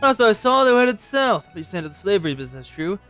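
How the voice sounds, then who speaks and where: A man voicing a gruff old male shipwright in a rough folksy drawl, while reading game dialogue aloud. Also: high voice, big pitch swings, fast, bright, forceful tone, faint music behind, pitched above the performer's own voice, full character voice. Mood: conspiratorial.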